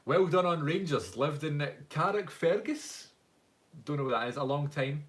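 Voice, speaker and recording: A man's voice: mid-range voice, moderate pace, a bit bright. A young Scottish man hosting a casual live-stream Q&A from his phone, chatting at length and reading out viewer comments. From Scotland. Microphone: phone front camera.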